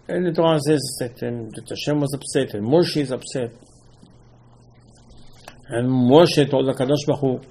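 A man teaching an animated Torah class, mixing Hebrew terms into his English and pressing rhetorical questions. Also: mid-range voice, a little slow, vocal fry, long pauses. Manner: repeats rhetorical questions, emphatic.

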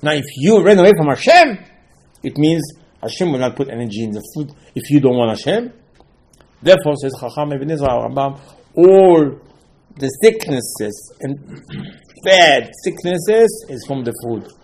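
A man's voice: a little high, big pitch swings, unhurried, darkish tone, slight background noise. A man teaching a Torah class in an emphatic, repetitive way, asking and answering his own questions in non-native English phrasing.

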